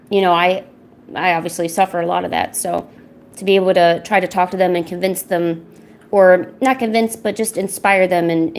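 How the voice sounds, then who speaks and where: A woman's voice: lowish voice, vocal fry, darkish tone, slight background noise. A woman chatting candidly while she paints at home, rambling a little and swearing casually. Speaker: art streamer.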